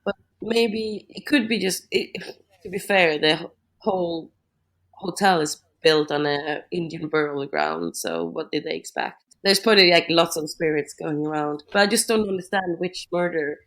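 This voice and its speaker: Female co-host, lower voice, rambling casual film chat. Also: animated, normal speed, fairly bright tone. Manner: chatty, lots of "like", thinks aloud. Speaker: podcast co-host.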